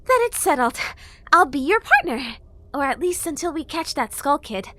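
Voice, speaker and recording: A woman's voice: sits high, big pitch swings, moderate pace, heavy background noise, pitched above the performer's own voice. A woman voicing a pushy, flustered young female fairy who stammers and talks with sarcasm in an audiobook. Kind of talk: audiobook character voice.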